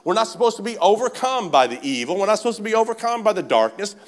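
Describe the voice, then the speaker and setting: A male pastor preaching a sermon at a church service, fervent and urging, swinging between shouted exhortation and quiet speech. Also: high-pitched, sing-song, quick pace. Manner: fervent, repeatedly urges the congregation with "come on".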